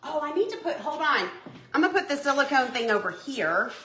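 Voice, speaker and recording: A woman's voice: sits high, big pitch swings, a little fast, bright, forceful tone, slight background noise. Bubbly woman cooking live. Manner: chatty, bubbly, talks to viewers as friends. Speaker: home cooking livestream host. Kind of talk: casual live cooking chat. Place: home kitchen.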